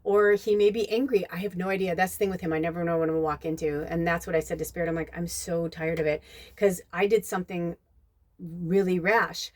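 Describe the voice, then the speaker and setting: A woman hosting a podcast, talking in a rambling casual monologue full of "like" and "you know", turning animated when she retells scenes. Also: fairly low pitch, quick pace. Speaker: podcast host.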